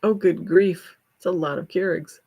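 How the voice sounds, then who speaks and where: A woman's voice: fairly low pitch, moderate pace, creaky, warm tone, breathy edge. An older woman hosting a livestream, chatting casually with viewers and breaking into folksy exclamations. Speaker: livestream host.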